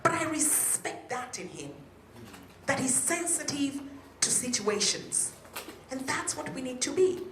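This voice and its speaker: In a hotel function room, a woman gives a speech at a peace event and engages the audience with questions. Her voice sits high, animated and at a measured pace, with background noise in the echoey room.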